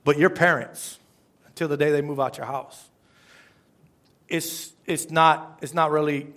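A man's voice: fairly high pitch, steady tone, unhurried, a bit bright. A man preaching a conversational sermon, often asking the congregation questions. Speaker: pastor.

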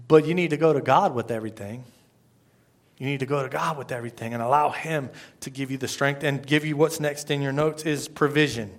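A man preaching a sermon, with lively, conversational rhetorical questions and slow, measured scripture readings. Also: medium pitch. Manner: slows to a measured pace when reading scripture. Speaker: pastor.

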